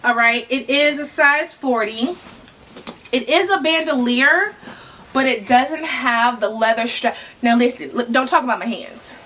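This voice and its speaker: Excitable lady vlogger unboxing stuff, high bright voice, slangy, keeps telling herself to calm down. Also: a little slow. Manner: excitable, talks to herself, bursts into laughter and whispers; chatty slang-filled banter with viewers. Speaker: fashion vlogger.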